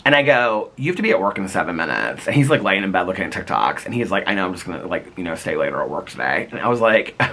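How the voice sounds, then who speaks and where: Speaking in a lowish voice that is pushed and bright with a breathy edge, a man rambles through a casual home vlog recorded on a handheld phone. He fills his talk with fillers and laughs a lot.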